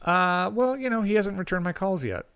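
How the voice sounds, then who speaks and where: A man's voice: high voice, moderate pace, a bit bright, clean tone, no room sound. A man co-hosting a podcast, telling a long rambling anecdote in casual chat. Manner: rambling anecdote with many fillers and restarts. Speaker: podcast co-host.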